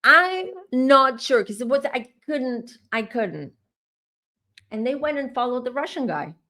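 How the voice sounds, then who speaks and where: A woman's voice: high voice, animated, a little slow, pushed and bright. A woman psychic tarot reader telling viewers about a vision in a chatty, casual way, speaking straight to her audience. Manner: chatty, addresses viewers directly. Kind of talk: casual storytelling to camera.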